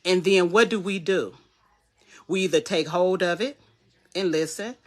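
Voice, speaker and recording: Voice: medium pitch, unhurried. A wellness coach giving a live motivational talk in a conversational way, repeating key phrases for emphasis and acting out the inner voices they describe. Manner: conversational, acts out inner voices and quoted dialogue.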